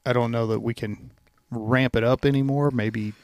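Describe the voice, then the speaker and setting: A man co-hosting a podcast, speaking in a measured, hesitant way. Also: medium pitch, fairly even intonation, darkish tone, no room sound. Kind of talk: casual chat.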